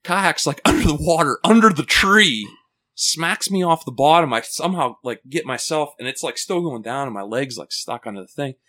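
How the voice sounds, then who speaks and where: A man's voice: on the high side, normal speed. Man laughing through a profane story. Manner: animated, full of fillers like "like" and "right?". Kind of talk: casual storytelling on a podcast.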